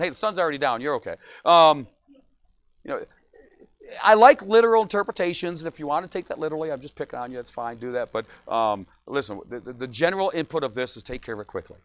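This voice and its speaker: A man's voice: a little high, animated, quick pace, no echo. A middle-aged man, a pastor, preaching a sermon in a church, joking often and asking "right?" again and again.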